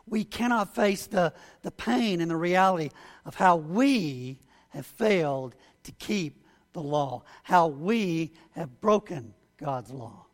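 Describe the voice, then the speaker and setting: A man's voice: on the high side, moderate pace. A man preaching a sermon as a pastor, earnest and building to emphatic points. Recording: long hall reverb.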